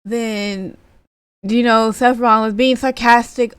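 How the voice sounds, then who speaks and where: A woman's voice: on the high side, a little slow, fairly bright tone, smooth, dry recording. A woman giving a casual, rambling spoken recap of a wrestling segment, full of fillers like "basically" and "like". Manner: rambling, filler-heavy retelling.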